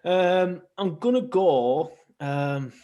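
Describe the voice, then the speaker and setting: A man's voice: on the high side, expressive, very slow, mellow, dull audio. A young man, chatting casually as a podcast guest, rambling with many ums and restarts. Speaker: podcast guest, football fan. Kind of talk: casual chat.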